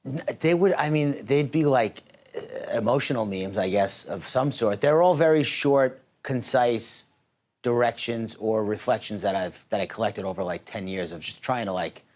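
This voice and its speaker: A young man being interviewed in a TV studio. His voice sits at an ordinary pitch for a man. He talks in a casual, rambling way and fills his sentences with "like" and "I mean". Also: normal speed, darkish tone. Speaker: guest, meme creator.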